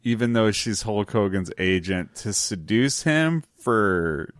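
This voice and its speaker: Laughing man, low dry voice. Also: slow pace, dry recording. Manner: laughs often, animated storytelling. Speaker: podcast co-host. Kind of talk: casual chat.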